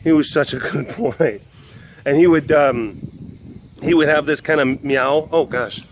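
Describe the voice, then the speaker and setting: A fairly high-pitched man, talking a little slowly, rambles through stories outdoors as he walks, with slight background noise. He's an animal sanctuary keeper doing a casual vlog, animated and quick to laugh.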